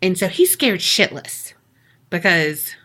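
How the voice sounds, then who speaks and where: Young female podcast co-host, bright tone, unhurried, foul-mouthed storyteller. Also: fairly low pitch, big pitch swings. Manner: slangy, profane, dramatic retelling. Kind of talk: casual storytelling chat.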